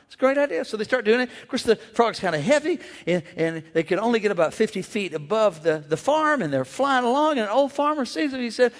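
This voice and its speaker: A male pastor preaching an animated sermon, rousing his listeners to answer back and acting out voices as he goes. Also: high-pitched, quick pace, few pauses. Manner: animated, call-and-response, acts out voices. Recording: echoey hall.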